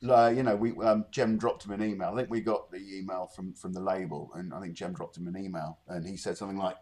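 A man's voice: on the low side, quick pace, hardly any pauses, darkish tone. A middle-aged man, a guest musician, rambling through a story with many fillers in casual podcast chat.

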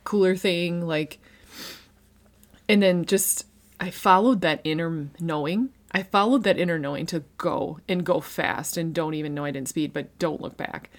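Low-voiced woman giving a heartfelt testimony. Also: moderate pace. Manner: earnest, conversational, full of restarts and fillers. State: emotional, near tears. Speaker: speaker sharing a faith testimony. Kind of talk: personal faith testimony.

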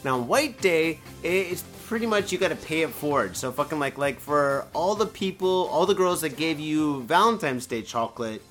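A man's voice: a little high, normal speed, few pauses, faint music behind. A man hosting a casual solo podcast from home, rambling and swearing as he drinks, a bit tipsy. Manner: profane, rambling, animated. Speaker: podcast host. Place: home in Japan, indoors.

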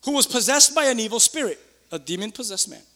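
Pastor guy preaching, high bright voice, jumps from loud bursts to quiet asides. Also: fast talker, long reverb tail. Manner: excitable, swings between loud outbursts and quiet asides. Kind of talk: sermon. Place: church.

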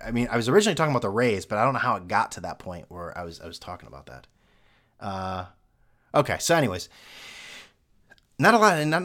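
A man's voice: medium pitch, a bit bright. Rambling sarcastic man hosting a podcast. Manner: rambling, sarcastic, jumps between topics with many fillers. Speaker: podcast host. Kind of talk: casual solo podcast rant.

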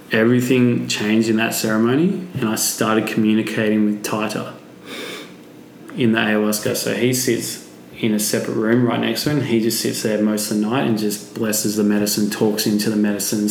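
A man's voice: fairly low pitch, gravelly, a little hiss or hum. A man being interviewed as a podcast guest, telling a vivid personal story and swearing freely. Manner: vivid, swearing, acts out quotes. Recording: echoey room.

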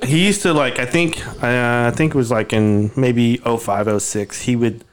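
A man's voice: medium pitch, normal speed, slight background noise. A man from Dallas, hosting a podcast and telling rambling stories with laughter. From Oak Cliff, Dallas, Texas. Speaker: podcast host. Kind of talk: casual chat, storytelling.

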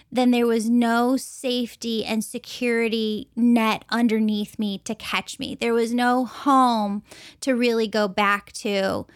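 A woman's voice: fairly high pitch, clear, resonant tone, no room sound, studio quality. A woman from the United States who gives intuitive readings, telling a personal story in an earnest way and repeating phrases for emphasis. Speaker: intuitive reader.

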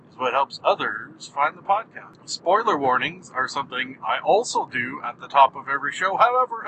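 A man's voice: sits high, bright, forceful tone, a little hiss or hum, rough recording. A man hosting his own podcast, rambling in a goofy, jokey way while driving his car. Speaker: podcast host. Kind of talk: casual solo monologue. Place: in a moving car.

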